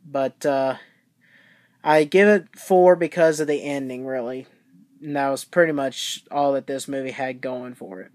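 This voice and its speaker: A vlogger giving a casual, rambling movie review in plain, informal words, often pausing on "but, uh". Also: mid-range voice, fairly even intonation, a little mellow. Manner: rambling, with frequent "but, uh" fillers; plain-spoken, informal grammar.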